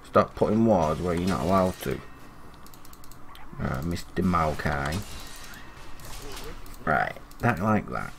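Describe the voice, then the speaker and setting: A young man chatting casually as he commentates his own online game, self-critical and excitable at times. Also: sits low, slow pace, creaky, long pauses, slight background noise. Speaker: gaming commentator.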